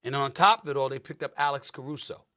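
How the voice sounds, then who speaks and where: A man giving televised sports analysis, making measured, emphatic points. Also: mid-range voice, sharp tone. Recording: broadcast clip with faint music.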